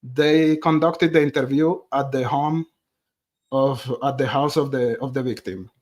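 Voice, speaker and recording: A man's voice: medium pitch, steady tone, measured pace, a little mellow, soft background music. Chatty man. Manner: chatty, addresses viewers directly as "guys". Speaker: true crime streamer. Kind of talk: live-stream commentary.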